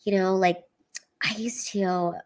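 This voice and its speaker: A woman's voice: medium pitch, fairly even intonation, slow. A woman, a comedian hosting a casual livestream, talking candidly and teary, swearing freely. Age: 30s.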